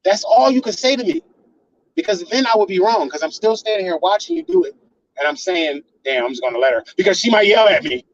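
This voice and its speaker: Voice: mid-range voice, big pitch swings, brisk. A channel host lecturing a partner in a heated, confrontational rant full of swearing, on a slightly dull lo-fi recording.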